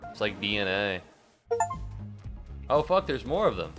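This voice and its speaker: Young streamer dude, low voice, rambly and sarcastic, cusses and yelps, faint game music behind. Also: male voice, big pitch swings, a little slow. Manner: rambling, sarcastic, swears a lot, sudden loud yelps. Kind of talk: casual gameplay commentary.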